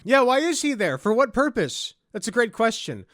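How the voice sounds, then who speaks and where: A sarcastic, profane man reacting to clips and ranting about them. His voice sits high for a man. The sound is dry and close, with no room around it. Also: very animated, normal speed, fairly bright tone, no room sound. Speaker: political commentator. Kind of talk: reaction commentary.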